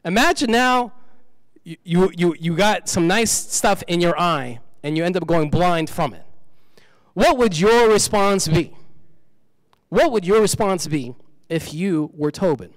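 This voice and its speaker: High-voiced male preacher in a hall. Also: lively intonation, moderate pace. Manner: conversational, repeats key phrases for emphasis. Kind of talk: sermon.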